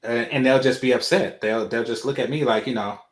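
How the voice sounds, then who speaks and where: A man's voice: mid-range voice, fairly quick. A man co-hosting a casual reaction chat, talking loosely with many fillers. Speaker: co-host. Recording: roomy echo.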